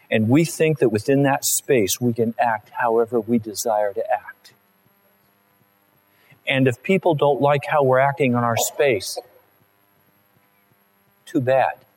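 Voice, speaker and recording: A male pastor preaching in a relaxed, conversational way and acting out small everyday scenes. He speaks slowly and deliberately, with a voice of ordinary middle pitch. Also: low-quality recording. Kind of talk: sermon.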